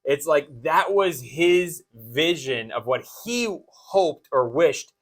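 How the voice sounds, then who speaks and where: A young man co-hosting a podcast, chatting casually and excitedly about a film, rambling with many restarts and fillers. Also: fairly high pitch, slow. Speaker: podcast co-host. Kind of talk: casual movie chat.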